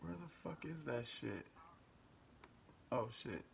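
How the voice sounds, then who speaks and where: A man's voice: medium pitch, very animated, slow, vocal fry, slight background noise. A man hosting a casual reaction commentary, talking in an emphatic, repetitive, slang-heavy way. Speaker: commentary host.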